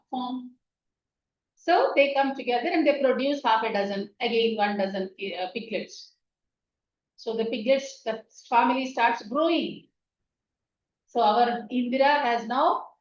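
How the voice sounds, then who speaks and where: Here a woman with a high voice narrates a spiritual tale in the role of a meditation teacher, slow and unrushed, repeatedly checking in with "right?". It's captured on a dull, lo-fi recording that sounds far away and echoey.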